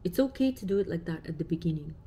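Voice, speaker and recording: A woman's voice: fairly low pitch, lively intonation, fast, mellow, a little hiss or hum. A woman in her thirties, a parent vlogger talking casually and reflectively to camera with many fillers.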